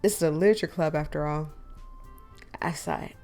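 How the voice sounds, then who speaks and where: A woman's voice: low-pitched, a little fast, a little mellow, faint music behind. A woman voicing a self-doubting teenage boy narrator from a game, reading dryly with sighs. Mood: weary. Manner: dry, sighing narration.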